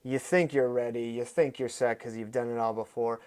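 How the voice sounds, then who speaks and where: A man's voice: medium pitch, clean tone. Emphatic male storyteller. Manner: animated, emphatic storyteller with quick bursts. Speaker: podcast guest, fight coach. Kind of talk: conversational storytelling.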